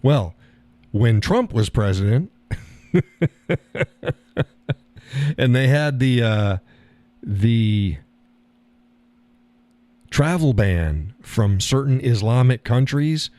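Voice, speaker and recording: A man's voice: mid-range voice, lively intonation, extremely slow, long pauses, dark tone, no echo. A man hosting a live stream, talking casually and rambling, chuckling at his own remarks.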